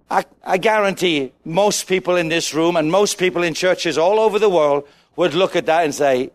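Man, preacher, sermon, animated, questions the congregation, higher pitch. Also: normal speed. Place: church with a congregation.

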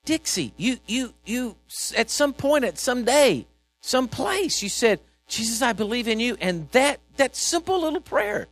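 High-voiced, animated man preaching. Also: measured pace, soft background music. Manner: animated, repetitive, swings from shouting to quiet asides. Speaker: pastor. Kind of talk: sermon.

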